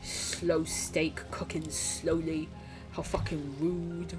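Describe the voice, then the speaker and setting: A young British woman with a low-sitting voice chats casually with her viewers while streaming a game, reading their messages as she plays. Her intonation stays fairly even and her pace moderate, with music underneath. She swears freely and laughs often.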